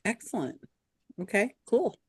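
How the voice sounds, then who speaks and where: A woman's voice: mid-range voice, sing-song, a little mellow, husky, dry recording. Woman, online trivia host; casual, talkative, dead-dry call audio. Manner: chatty, laughs often, quick asides. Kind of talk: casual chat.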